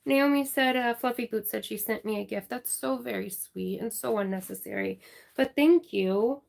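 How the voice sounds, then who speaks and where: A woman hosting a crafting livestream, chatting casually, reading viewer names and thanking them warmly. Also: fairly high pitch, creaky. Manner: warm, chatty, apologetic, reading out names slowly.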